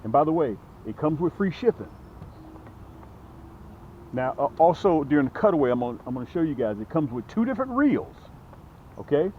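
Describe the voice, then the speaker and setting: A man hosting a fishing vlog from a boat outdoors, chatty and excited, talking straight to his viewers. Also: on the high side, a little fast, pauses often. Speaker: fishing channel host. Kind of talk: casual fishing vlog commentary. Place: on a small boat outdoors on a lake. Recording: dull lo-fi outdoor audio with faint noise.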